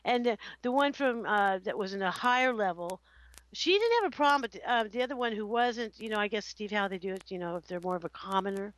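A woman hosting a casual chat, talking in an animated, rambling way with frequent laughter. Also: mid-range voice, fast talker, rough recording. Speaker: host.

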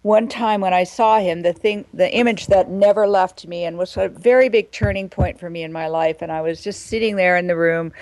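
A woman being interviewed as a guest, telling a personal spiritual story in a reflective, earnest way and slowing down for emphasis. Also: fairly low pitch, darkish tone, no room sound, low-quality recording.

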